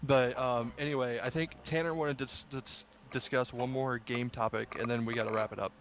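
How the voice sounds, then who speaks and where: A man's voice: mid-range voice, fairly even intonation, fairly quick, background noise. A young man on a podcast, chiming in with short quips and steering the conversation. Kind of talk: casual podcast chat.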